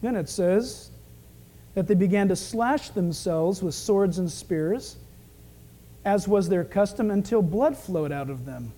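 A man preaching a sermon, animated, acting out the scenes he tells. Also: high voice, a little slow. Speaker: pastor.

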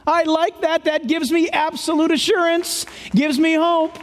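A man's voice: very high voice, level tone, measured pace, few pauses, in a large hall. A male pastor preaching a sermon, emphatic and conversational, full of rhetorical questions.

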